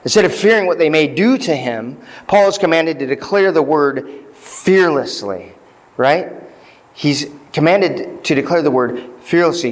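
A man's voice: fairly high pitch, expressive, unhurried, in a large hall, rough recording. A man preaching a sermon as pastor, chatty with fillers and asides, lifting his voice when he reads scripture. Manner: reads scripture aloud with rising emphasis. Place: church sanctuary.

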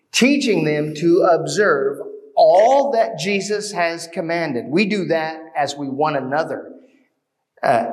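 A man preaching as pastor, exhorting his listeners earnestly with rhetorical questions. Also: on the high side. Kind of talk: sermon.

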